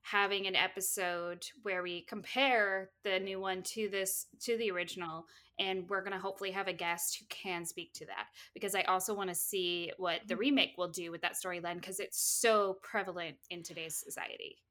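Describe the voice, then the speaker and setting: A woman co-hosting a podcast in casual chat, giggly and animated when excited. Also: medium pitch, moderate pace, few pauses. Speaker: podcast co-host.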